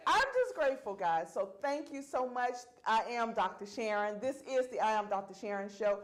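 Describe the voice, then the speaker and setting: A woman hosts a talk show with a slightly high voice. She is effusive and grateful, and she keeps calling her guests honey. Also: animated, moderate pace, crowd noise. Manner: effusive, calls people honey. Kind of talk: casual chat.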